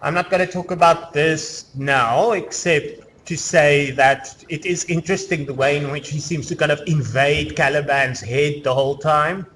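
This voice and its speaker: A man lectures to a class in a relaxed, talky way, circling back with "you know" and "kind of". His voice sits a little high for a man. A faint room noise runs under the recording. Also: moderate pace, few pauses. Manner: conversational, explaining with many fillers. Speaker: university lecturer.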